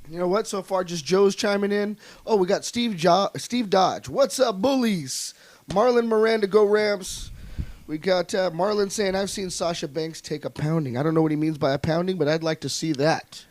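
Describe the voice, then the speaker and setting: A man's voice: high voice, fairly quick, hardly any pauses, a little mellow, no echo. A man working as a podcast producer, chiming in with short hype remarks and reading out chat comments.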